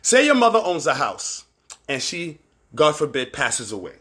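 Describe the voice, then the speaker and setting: A man with a Barbadian accent hosting a livestream show, talking candidly and with plenty of profanity, rambling between points and shouting out viewers by name. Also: a little high, huge pitch swings, normal speed, very noisy. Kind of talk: casual live-stream commentary.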